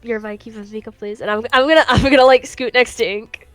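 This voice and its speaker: A woman's voice: fairly high pitch, fairly even intonation, fast talker, fairly bright tone, no room sound. A woman playing a tabletop game in character, flustered and stammering, often breaking into laughter. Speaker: player. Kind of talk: in-character tabletop role-play.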